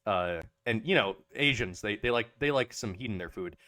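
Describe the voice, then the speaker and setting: A man's voice: fairly low pitch, lively intonation, normal speed, pushed and bright, no echo. A man co-hosting a casual podcast, rambling with lots of hesitations and restarts. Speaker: podcast co-host. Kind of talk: casual chat.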